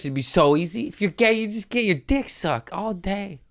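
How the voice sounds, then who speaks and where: A man's voice: medium pitch, normal speed, few pauses, fairly bright tone. A man hosting a comedy podcast, rambling through crude jokes in a casual monologue, giggling often and slipping into silly voices.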